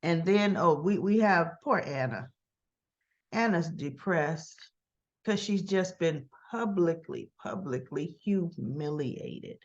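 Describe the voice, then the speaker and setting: A woman's voice: fairly low pitch, lively intonation, takes it slowly, highs cut off. A woman giving a casual, sassy soap opera recap, full of rhetorical questions and tag questions. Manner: sassy, talks straight to the characters.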